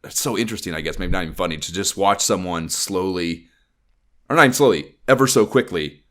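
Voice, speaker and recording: A man's voice: low-pitched, a little fast, a bit bright. A man hosting a podcast, telling a rambling, profane story in casual chat and often breaking into laughter. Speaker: podcast host.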